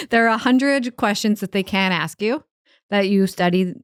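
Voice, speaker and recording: A woman from Northern Ireland with an American accent with Irish traces, a stand-up comedian chatting casually on a podcast, laughing often and telling stories quickly. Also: medium pitch, lively intonation, smooth, dry recording, clean studio sound.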